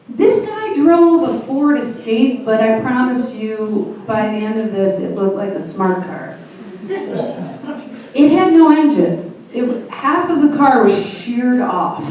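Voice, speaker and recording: A woman's voice: on the high side, darkish tone, a little hiss or hum. A woman in her thirties with a Midwestern American accent, telling a true story onstage at a storytelling night and laughing wryly at her own bad luck. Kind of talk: live storytelling set. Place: small comedy venue. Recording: echoey room, mic from a distance.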